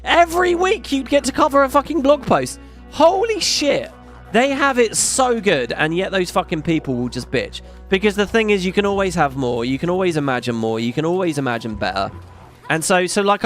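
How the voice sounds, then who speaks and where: Guy streaming a game, ranting and cursing, bit high voice, faint music. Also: brisk. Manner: ranting, profane, animated. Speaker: gaming streamer. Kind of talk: casual gameplay commentary.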